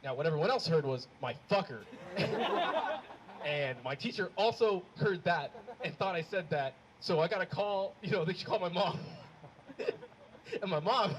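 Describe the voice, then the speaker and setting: Lively high-voiced young comedian outdoors. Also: male voice, measured pace. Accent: American. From Ethiopia. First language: Amharic. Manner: animated, self-mocking, loose and profane. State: cold. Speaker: stand-up comedian. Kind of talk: stand-up set. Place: outdoor campus stage in cold weather. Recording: noisy outdoor live recording. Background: laughing crowd.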